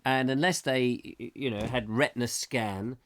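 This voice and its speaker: A man's voice: mid-range voice, moderate pace, a bit bright. A man hosting a live comedy chat show, rambling whimsically and reading out viewer comments. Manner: whimsical, silly, reads viewer comments aloud. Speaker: host.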